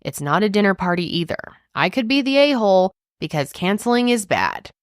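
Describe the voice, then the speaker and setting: A woman co-hosting a podcast, chatting casually and reading a forum post aloud in an animated way. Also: medium pitch, a little fast, no echo, clean studio sound. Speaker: podcast co-host.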